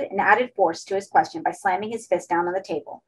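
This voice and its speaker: A woman reading a horror story aloud as an audiobook, in steady narration. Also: medium pitch, a little fast, slight background noise, poor audio. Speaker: audiobook reader.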